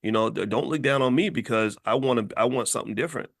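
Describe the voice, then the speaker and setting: Speaking quickly with a creaky, medium-pitched voice, this Kentucky man hosts a podcast of passionate social commentary. He talks emphatically, often restarting and repeating words.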